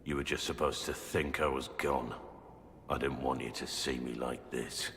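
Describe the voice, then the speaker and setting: An actor playing a gravelly, guilt-ridden warrior in a video game, speaking gravely and condemning himself. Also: male voice, fairly even intonation, moderate pace, a bit bright, reverberant, in a large hall, a little hiss or hum. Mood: bitter. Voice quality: deep gravelly voice. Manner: grave, heavy, self-condemning. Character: gruff guilt-ridden male warrior confessing.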